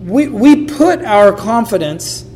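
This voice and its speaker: A man's voice: sits high, expressive, takes it slowly, darkish tone, slight background noise. A man preaching a sermon in a conversational way, acting out quotes from the people he talks about. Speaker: pastor.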